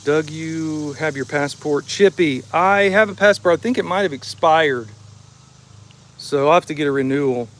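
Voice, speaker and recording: A man's voice: on the high side, normal speed. A man from Ohio hosting a casual livestream, chatting easygoing with viewers and chuckling often, sitting outside behind his house. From Ohio, USA. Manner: laid-back, chuckling often, easygoing and joking. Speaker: livestream host. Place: outdoors behind the house, with insects.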